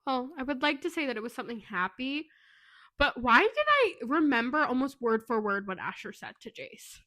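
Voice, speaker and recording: A woman's voice: sits high, moderate pace, dry recording. A woman co-hosting a book podcast, retelling scenes dramatically in casual chat. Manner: animated, dramatic retelling with voices, swearing. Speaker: podcast co-host.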